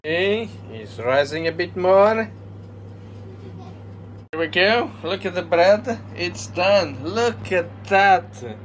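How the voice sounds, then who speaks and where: Speaking slowly and pausing often, a high-voiced, expressive man from Madeira, Portugal, whose first language is Portuguese, hosts a casual home cooking video. He's enthusiastic and keeps repeating the tag question "eh?", with slight background noise behind him.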